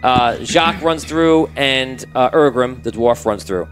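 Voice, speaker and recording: A man running a tabletop game as its game master, his voice sitting at an ordinary middle pitch. He sets scenes like a camera sweeping over a battle, but he rambles, restarts and fills gaps with ums, while faint music plays underneath. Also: unhurried, poor audio. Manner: rambling, with many restarts and fillers; cinematic scene-setting narration.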